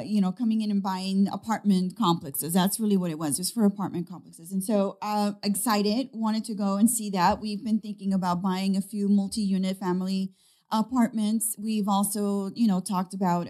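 Mellow-voiced woman telling a story. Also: medium pitch. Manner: meandering, conversational, hesitant. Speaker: podcast host. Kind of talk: casual storytelling monologue.

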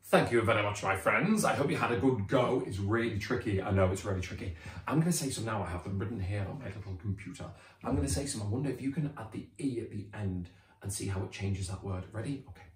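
A British man teaching a children's phonics lesson, sounding out words slowly and cheering the children on. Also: on the low side, roomy sound. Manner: animated, drawn-out sounding out of words.

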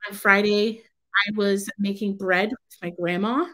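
A woman's voice: medium pitch, fairly even intonation, measured pace, fairly bright tone, low-quality recording. A woman crafter on her own channel, talking casually in a rambling, exasperated, self-interrupting way from home. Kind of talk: casual vlog rant.

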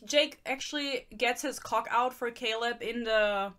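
A bright, fairly high-voiced young woman from Germany rants about a book at home. Her delivery is sarcastic and chatty, and she reads excerpts aloud between her complaints. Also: unhurried. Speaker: book reviewer. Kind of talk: casual rant.

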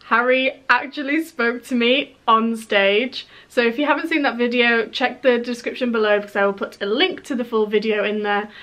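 A young woman from England chatting excitedly in a storytime vlog, full of fillers and restarts. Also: on the high side, poor audio. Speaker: YouTuber.

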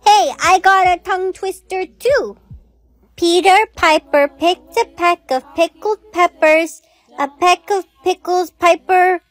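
A woman's voice: very high-pitched, takes it slowly, soft background music. A woman voicing a scared little girl in short skits, with a whiny, childish way of talking.

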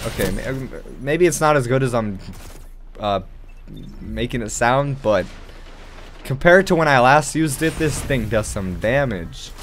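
A young man giving casual gameplay commentary, excitable and swearing, with sudden loud outbursts. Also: medium pitch, a little slow, slight background noise. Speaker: gaming channel host.

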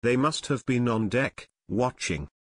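A man reading an audiobook, voicing an eager, impulsive teenage boy with lively replies. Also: medium pitch, measured pace, no echo.

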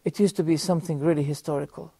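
A middle-aged man teaching a religious lesson on a TV program, telling a story earnestly with measured pauses and rhetorical questions, speaking straight to his audience. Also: a little high, fairly even intonation, vocal fry, mellow, slightly rough, no echo. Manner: addresses the audience directly. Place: TV studio.

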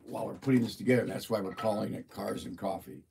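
A man's voice: fairly low pitch, steady tone, fast, gravelly, far from the mic, heavy background noise. A man hosting a casual livestream, chatting and reading a viewer's report aloud in an amused, playful way. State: a bit of a frog in his throat. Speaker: livestream host.

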